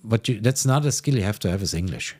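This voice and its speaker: A middle-aged man with a German accent, a dentist who runs clinics, answering interview questions in a relaxed, candid way and repeating words for emphasis. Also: on the low side, fast talker.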